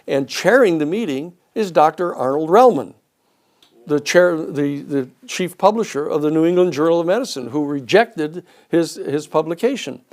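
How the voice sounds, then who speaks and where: A man giving a storytelling lecture, an animated speaker who acts out the people he quotes. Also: a little high, moderate pace.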